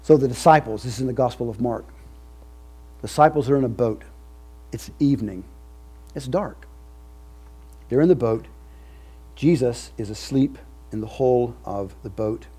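A man's voice: medium pitch, normal speed, pauses often, mellow, husky. A male pastor preaching a sermon with an emphatic, repetitive cadence.

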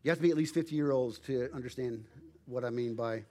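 A man preaching a sermon, emphatic and measured, with dramatic pauses. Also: medium pitch, darkish tone. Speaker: pastor.

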